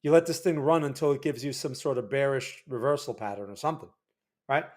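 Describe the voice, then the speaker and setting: A man's voice: mid-range voice, fairly quick, darkish tone. A man from New Jersey with a New Jersey accent, hosting a casual market-analysis livestream in a loose, conversational way, with many restarts and "right?" check-ins. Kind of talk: casual livestream chart commentary.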